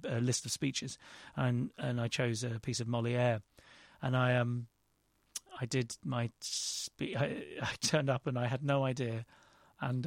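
Guesting on a casual interview, a Londoner who acts and directs tells a rambling, self-deprecating story, restarting often. His voice is medium-pitched, with no echo in the recording.

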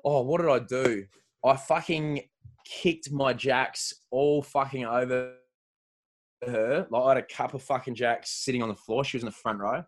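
A man's voice: medium pitch, steady tone, moderate pace. A man with an Australian accent telling rambling, profane stories in casual banter as a comedian hosting a podcast. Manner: profane, rambling, laughing storyteller.

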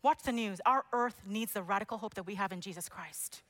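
A woman preaching a passionate sermon that builds to loud exclamations. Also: mid-range voice, fairly quick.

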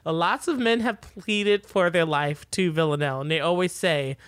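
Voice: medium pitch, normal speed, clear, resonant tone, no room sound, clean studio sound. A podcast co-host chatting casually through a recap, laughing often and quoting the characters.

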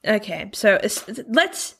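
A woman co-hosting a podcast in casual chat, bubbly and excitable, laughing often. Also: mid-range voice, slow, vocal fry, slightly rough. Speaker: podcast co-host.

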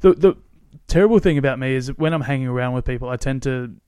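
A man's voice: medium pitch, fast talker, darkish tone, smooth, dry recording, studio quality. A man with a mixed New Zealand and Australian accent, hosting a casual podcast chat and laughing as he tells stories. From New Zealand, grew up in Australia. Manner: chatty, laughs often, acts out quotes. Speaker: podcast host.

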